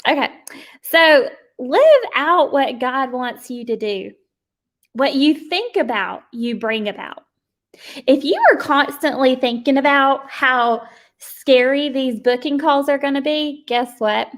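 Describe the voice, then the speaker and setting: High-voiced woman giving an emphatic pep talk. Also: unhurried. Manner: emphatic and preachy, with frequent laughs; addresses listeners directly and folksily. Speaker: direct sales team leader.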